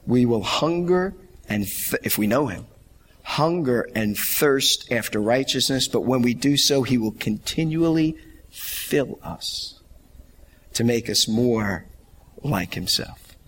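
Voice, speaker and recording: A man's voice: medium pitch, animated, takes it slowly, slight background noise. A middle-aged man preaching a sermon, telling stories animatedly and laughing along. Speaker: pastor.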